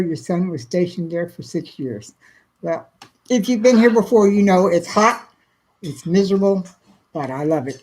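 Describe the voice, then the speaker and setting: Soft-spoken woman on a livestream, lowish voice. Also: low-quality recording. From South Central Texas. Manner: soft, emotional, greets viewers by name. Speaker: livestream host. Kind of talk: casual livestream chat reading viewer comments.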